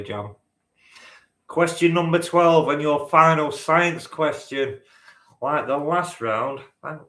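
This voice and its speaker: A man's voice: mid-range voice, pushed and bright. A man hosting a live-stream quiz, bantering with the chat, teasing and swearing casually. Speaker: quiz host. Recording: roomy echo.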